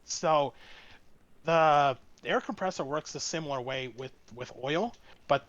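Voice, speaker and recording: A man guest telling a work story in a casual, halting way, full of fillers and restarts. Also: on the high side, fairly bright tone, no echo, highs cut off. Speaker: streamer guest.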